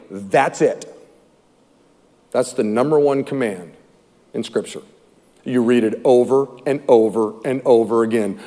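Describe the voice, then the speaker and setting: A man preaching a sermon as pastor, telling stories with lively, repetitive phrasing, recorded in a reverberant church hall. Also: mid-range voice, a little slow, pauses often. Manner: animated storytelling with repeated phrases.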